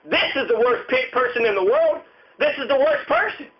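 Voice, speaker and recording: Furious high-voiced man ranting and cursing. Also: expressive, normal speed, highs cut off. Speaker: commentator. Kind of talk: angry profane rant.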